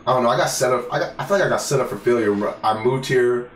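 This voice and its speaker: A man's voice: medium pitch, fast talker. A young man from the Bay Area co-hosting a podcast, joking and swearing in casual chat. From San Francisco Bay Area. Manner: profane, joking, animated interjections. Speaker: podcast co-host. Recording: roomy and noisy room sound.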